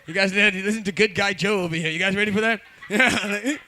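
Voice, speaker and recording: A man's voice: high-pitched, fast, sharp tone, a little hiss or hum. A man hosting a comedy show, teasing and swearing at the crowd from a bar stage. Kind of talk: stand-up crowd work.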